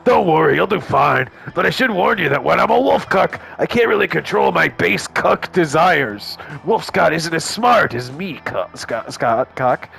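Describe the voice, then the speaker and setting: A man's voice: fairly high pitch, animated, normal speed, vocal fry, hardly any pauses, a bit bright, full character voice. A man voicing an earnest, awkward teenage werewolf boy who rambles eagerly and misses every hint.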